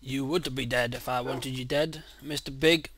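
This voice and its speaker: A man casually commenting on his own gameplay, excitable and quick to swear loudly when frustrated, speaking into a desk mic. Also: mid-range voice, slight background noise. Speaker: gaming channel host. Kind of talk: casual let's-play commentary.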